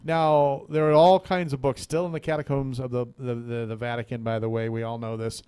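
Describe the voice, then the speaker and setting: A man's voice: mid-range voice, level tone, a little fast, warm tone, smooth. A man hosting a radio talk show, chatting casually and telling a rambling joke, laughing often and repeating words as he goes. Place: radio studio.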